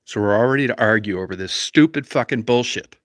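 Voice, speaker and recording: A man's voice: lowish voice, fast, a bit bright, no room sound, clean studio sound. Foul-mouthed man ranting on a livestream. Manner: swears constantly, rambling and argumentative. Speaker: livestream host. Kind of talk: profane storytelling rant.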